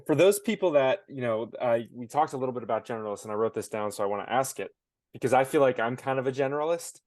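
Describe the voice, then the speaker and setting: A man's voice: medium pitch, expressive, quick pace, darkish tone, dry recording, clean studio sound. A man hosting a podcast interview over a video call, asking enthusiastic, rambling questions. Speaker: podcast host.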